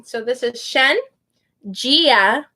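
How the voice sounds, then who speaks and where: A woman's voice: high-pitched, pushed and bright. A young woman, an online English teacher, casually explaining how to pronounce names and sounding them out carefully. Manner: slow, careful, drawn-out name pronunciation. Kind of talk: casual live teaching chat.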